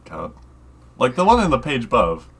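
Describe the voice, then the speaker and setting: A man co-hosting a casual podcast, reading a fantasy story aloud in a deliberate way and swearing and joking between passages. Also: medium pitch, huge pitch swings, creaky, slightly rough. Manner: reads deliberately, swears freely, laughs often. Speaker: podcast co-host.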